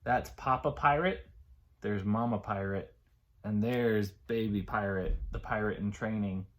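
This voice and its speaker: A man leading a preschool story time as a children's librarian, reading aloud in an animated, sing-song way and talking to small children. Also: lowish voice, unhurried.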